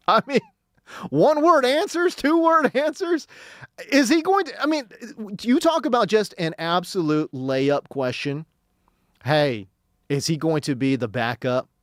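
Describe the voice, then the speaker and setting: A man's voice: takes it slowly, long pauses, no echo. Sports radio guy, laughs a lot, voice jumps all over, dry studio sound. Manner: excitable, laughs often, swings from loud to low. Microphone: studio mic.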